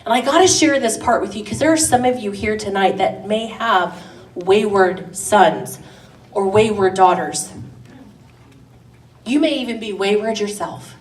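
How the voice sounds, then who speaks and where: Speaking at a women's event, a middle-aged woman preaches a passionate sermon that rises into emphatic declarations. Her mid-range voice is animated and measured, captured by a distant mic in an echoey church hall.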